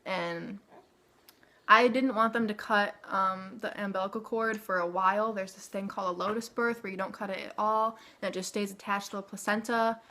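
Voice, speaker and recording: Bright-voiced chatty young woman. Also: medium pitch, steady tone, normal speed. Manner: chatty, frequent "like" and "okay?" tag questions. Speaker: vlogger. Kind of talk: casual storytelling to camera.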